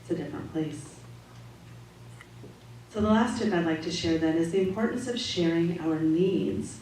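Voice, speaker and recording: A woman giving a calm, measured, gently instructive Sunday talk to a congregation, as a spiritual practitioner. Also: on the low side. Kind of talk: sermon-style talk to a congregation. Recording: echoey hall audio from far off, faint noise.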